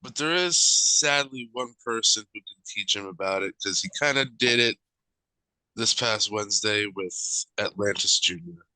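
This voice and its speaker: Very bright-voiced blunt man, dry mic. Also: fairly low pitch, unhurried, no echo, low-quality recording. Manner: blunt and swears freely, jokey. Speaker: podcast co-host. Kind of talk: casual wrestling chat.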